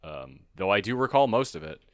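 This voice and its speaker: A young man chatting casually while playing a game, rambling through a movie plot and doing quick silly voices for the characters. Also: lowish voice, very animated, no echo, studio quality. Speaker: let's play co-host. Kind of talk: casual gaming chat.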